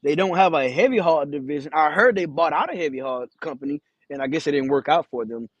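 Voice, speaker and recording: A truck driver tells a story straight to camera, blunt and swearing freely, and acts out what others said. His voice sits a little high for a man. The sound is dry, with no room echo. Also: fast, highs cut off. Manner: candid, profane, acts out quoted dialogue. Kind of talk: casual storytelling vlog.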